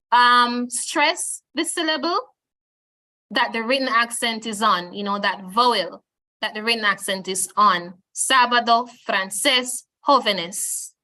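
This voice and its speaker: Slow, bright-voiced woman teaching online. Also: high voice. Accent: Jamaican. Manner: patient, repeats words slowly for students. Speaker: Spanish teacher. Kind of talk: online language lesson. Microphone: video call.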